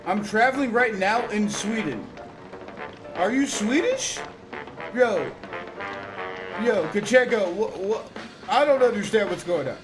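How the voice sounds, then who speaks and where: A young man livestreaming a game, his voice sitting high for a man and bouncing with slangy, animated reactions. Game music plays clearly behind him the whole time. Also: measured pace, long pauses. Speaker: streamer. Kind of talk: live gameplay commentary.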